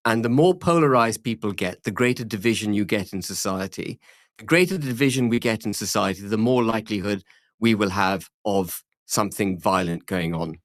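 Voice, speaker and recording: Emphatic politician, firm delivery. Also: male voice, lowish voice, dry recording, clean studio sound. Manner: firm, emphatic, repeats key phrases. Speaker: politician interviewed as guest. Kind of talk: measured political argument.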